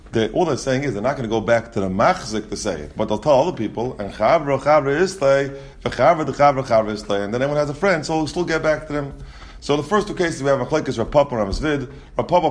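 A man teaching a Talmud class. He reads the Aramaic text aloud and explains it in English, often restarting his sentences. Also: mid-range voice.

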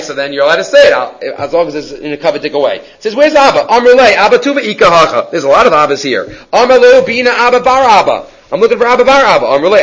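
A man teaching a Talmud class, translating line by line and acting out the dialogue with lively energy. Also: a little high, rough recording. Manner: lively, acts out the story's dialogue.

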